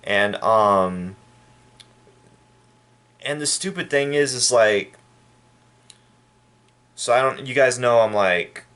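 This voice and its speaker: Brief: a mid-range male vlogger from El Paso, indignant, halting, talking straight to camera. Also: mid-range voice, fairly bright tone, clean tone. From El Paso, Texas. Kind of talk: casual opinion rant to camera.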